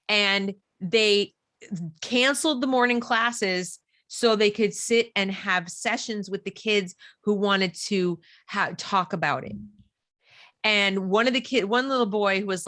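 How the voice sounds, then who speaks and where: A woman's voice: mid-range voice, no room sound, studio quality. A middle-aged woman telling a story in casual conversation, acting out the voices of the people she quotes. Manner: animated, acts out quoted dialogue. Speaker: podcast guest.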